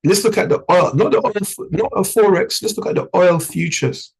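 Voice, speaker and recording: A man's voice: sits high, moderate pace, creaky, breathy edge, heavily acted, rough recording. A man voicing an unsure young male would-be investor who rambles and hesitates. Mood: hesitant.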